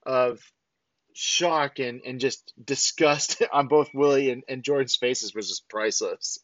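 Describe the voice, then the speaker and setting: A man's voice: mid-range voice, measured pace, dry recording, lo-fi sound. A man co-hosting a podcast, casually recapping a wrestling show and acting out what the wrestlers said. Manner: animated recapping, acts out quotes. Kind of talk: casual chat.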